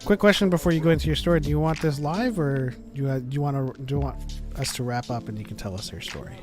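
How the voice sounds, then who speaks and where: A co-host chats casually at a show watch party, relaxed and hedging with fillers. Music plays clearly behind the voice. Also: mid-range voice, fast talker.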